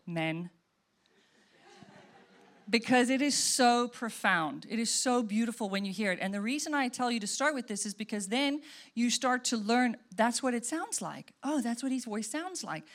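A woman pastor preaching a sermon in a conversational, animated way, acting out her own reactions. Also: on the high side.

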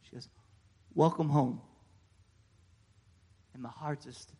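An American man preaching a sermon, telling a personal story in a folksy, animated way with frequent fillers and amens. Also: medium pitch, slow, long pauses, breathy edge. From United States. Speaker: pastor.

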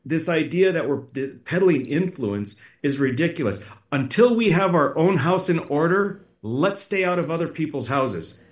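A man's voice: on the high side, expressive, normal speed, hardly any pauses, echoey room. A man as a political candidate guest in a podcast interview, talking emphatically and repeating words as he presses his points. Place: podcast studio.

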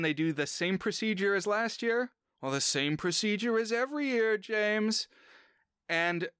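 A man's voice: fairly high pitch, bright, forceful tone, clear, resonant tone, no room sound, studio quality. A man co-hosting a podcast in casual chat, retelling scenes from a comedy sketch. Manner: retells sketch scenes, briefly mimicking lines. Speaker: podcast co-host.

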